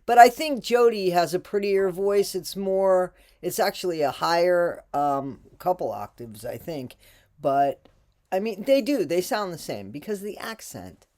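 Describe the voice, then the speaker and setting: Reaction creator, female, American accent, unhurried and mocking, very animated pitch. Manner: sarcastic, mocking asides. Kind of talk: casual commentary on a TV clip.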